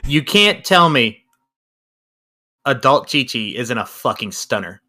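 A man's voice: medium pitch, sing-song, slow pace, sharp tone. A man co-hosting a casual podcast chat, joking crudely and bantering. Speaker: podcast co-host.

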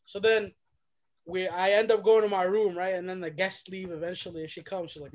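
A young man, a podcast guest, telling a story in a lively, dramatic way and dropping to a hush for effect. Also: high-pitched, fairly quick. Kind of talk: animated storytelling.

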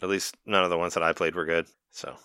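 Bright-voiced man giving blunt opinions. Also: low voice, level tone, fast, smooth, no echo, clean studio sound. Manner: blunt opinions, laughing, stammering repeats. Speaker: podcast co-host. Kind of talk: casual chat.

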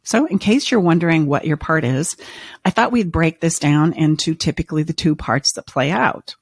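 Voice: medium pitch, moderate pace, husky, no echo, clean studio sound. A relationship counselor hosting a podcast, speaking in an earnest, reassuring way with repeated emphasis. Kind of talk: podcast monologue.

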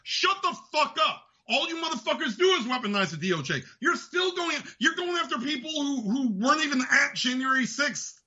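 High, bright-voiced man ranting profanely. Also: animated, fairly quick, few pauses, highs cut off. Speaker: host. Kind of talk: ranting political commentary.

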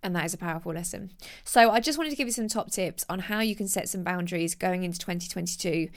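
A woman, giving casual self-help advice in a chatty, animated way and acting out quoted voices. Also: on the low side, fast talker. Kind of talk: casual motivational talk.

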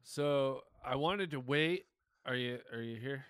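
A man with a Michigan accent, co-hosting a podcast in loose, excitable, profanity-heavy chat. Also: mid-range voice, measured pace, clear, resonant tone, dry recording, studio quality. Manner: excitable, swears a lot, laughs often. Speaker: podcast co-host.

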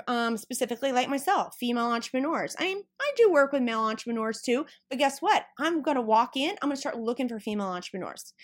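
A woman in her thirties hosting a business podcast, talking through marketing steps and acting out small scenes along the way. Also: fairly high pitch. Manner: animated, acts out little scenes in quoted voices. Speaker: business coach and podcast host. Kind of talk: solo business podcast, coaching talk.

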